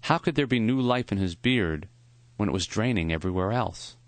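A man quietly narrating a memoir audiobook in a measured, reflective way. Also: lowish voice, expressive, no room sound.

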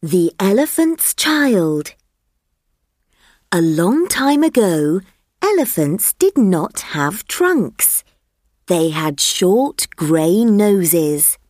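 A woman narrating a children's story for language learners, slow, clear and expressive. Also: on the low side, no room sound, clean studio sound. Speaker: narrator of a graded reader.

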